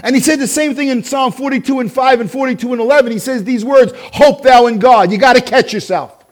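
A male pastor delivering a passionate sermon in a notably high voice. He builds to loud, stretched-out shouts, then falls to a low, quiet intensity. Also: fast talker.

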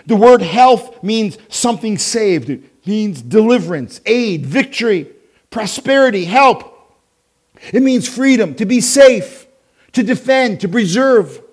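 A male pastor delivering a passionate sermon in a notably high voice. He builds to loud, stretched-out shouts, then falls to a low, quiet intensity. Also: lively intonation, slow, slightly rough.

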